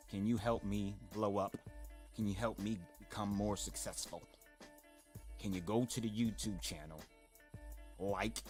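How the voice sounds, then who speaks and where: Hyped slangy podcast host, music behind. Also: male voice, on the low side. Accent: Connecticut urban slang. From Stamford, Connecticut. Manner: hyped, street slang, pleading shout-outs. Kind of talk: casual podcast monologue.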